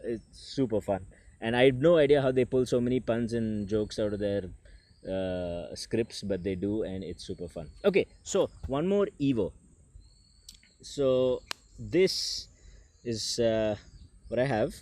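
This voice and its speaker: A man's voice: lowish voice, measured pace, a little mellow. A man doing a casual tech unboxing vlog, chatty and joking, talking to the camera. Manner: chatty, self-deprecating, jokes aside. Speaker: tech reviewer. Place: indoors with people nearby.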